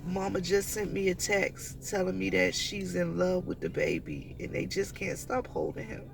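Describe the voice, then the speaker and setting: A man telling a story to his viewers in a casual vlog, chatty and animated, talking to them directly. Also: sits high, normal speed, gravelly, noisy background. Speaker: vlogger.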